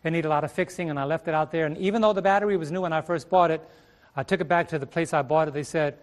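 Racing along in a slightly high voice, a middle-aged male preacher teaches Bible study from a ministry stage. His sermon is full of rhetorical questions and repeated phrases.

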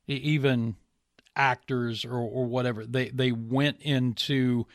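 A man's voice: mid-range voice, no room sound. Man from west virginia hosting, stops and restarts a lot, dry close mic. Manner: halting, restarts often. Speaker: interview host. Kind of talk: interview chat.

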